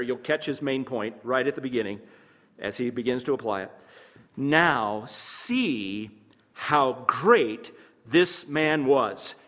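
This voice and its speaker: A man preaching an expository sermon as pastor, swinging between loud emphasis and hushed asides, repeating key phrases and asking rhetorical questions. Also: fairly high pitch. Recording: long hall reverb.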